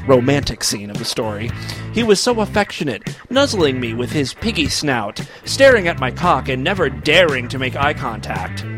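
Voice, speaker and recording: A man doing a mock-dramatic comic reading of a story, with wry asides and tongue-in-cheek delivery. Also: on the high side. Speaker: comic reader of an erotic story.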